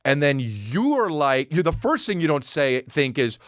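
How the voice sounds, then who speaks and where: A man in his thirties hosts a podcast with a sarcastic, swearing comic rant, mimicking people as he goes. His voice sits high and swings widely in pitch. The recording is dry and close, with no room sound. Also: big pitch swings, measured pace, dry recording. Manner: sarcastic, swearing, mocking impressions. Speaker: podcast host. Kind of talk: comedic rant.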